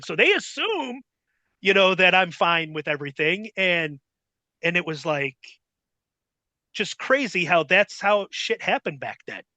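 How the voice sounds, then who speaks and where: A middle-aged man tells a rambling, swear-filled story in a casual interview. His voice sits high and bright, with a forceful edge. The sound is dry and close, with no room around it. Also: no echo. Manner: profane, rambling, animated retelling. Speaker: guest.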